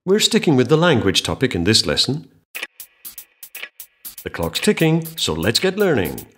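A man teaching a scripted podcast language lesson, speaking clearly and slowing right down to model phrases. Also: medium pitch, huge pitch swings, fairly bright tone, soft background music.

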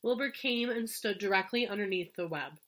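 A woman teacher reading a children's storybook aloud to fourth graders in a gentle, expressive way. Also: medium pitch, fairly quick.

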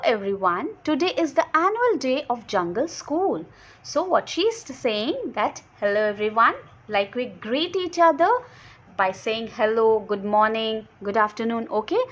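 A woman primary school teacher, giving a lesson, asking questions and answering them herself. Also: high voice. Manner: explains slowly, asks and answers own questions. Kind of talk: online class lesson.

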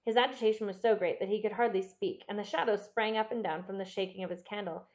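A woman reads a classic novel for an audiobook, measured and expressive like a storyteller. Her voice is mid-range, and the recording has its high frequencies cut off.

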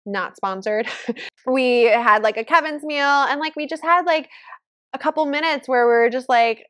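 Chatty woman podcast host, higher voice. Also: moderate pace, a bit bright. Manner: chatty, says "like" constantly, gushing about her kids. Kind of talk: casual solo podcast chat.

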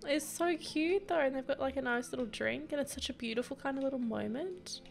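A woman's voice: high-pitched, fairly quick, vocal fry. A young woman giving casual, giggly let's play commentary, gushing over sweet moments in the game with faint game music behind her. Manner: gushing, giggly, easily moved. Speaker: gameplay commentator.

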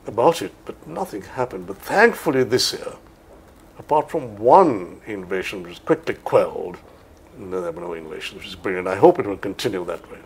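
Gravelly older Sri man. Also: lowish voice, expressive, normal speed. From Sri Lanka. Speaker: veteran cricket commentator. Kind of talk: reminiscing interview talk.

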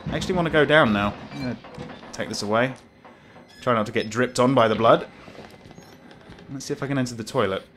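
A man's voice: medium pitch, fairly quick, long pauses, a bit bright, a little hiss or hum. A man commentating a horror game as he plays, jumpy, swearing, laughing nervously. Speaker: gamer playing a horror game. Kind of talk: let's play commentary.

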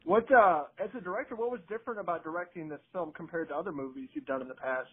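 Male podcast host, casual interviewer, agreeable, husky voice, phone-quality audio. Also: fairly high pitch, fast talker. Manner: brief, agreeable responses and questions.

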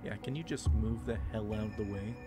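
A man's voice: lowish voice, fairly quick. A man giving playful, slangy commentary while playing a video game, with game music behind. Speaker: gameplay commentator. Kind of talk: casual gameplay commentary.

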